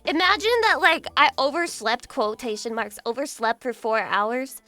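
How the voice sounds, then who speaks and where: A young adult woman, a VTuber streamer, chatting casually with her chat in an excitable, crude, self-mocking way. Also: high voice, moderate pace.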